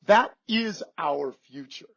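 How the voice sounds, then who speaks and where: A man who is a podcast guest, explaining with emphasis and swinging between loud and soft delivery. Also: fairly high pitch, animated, slow pace, creaky, breathy edge, dry recording. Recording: dull, dry lo-fi audio.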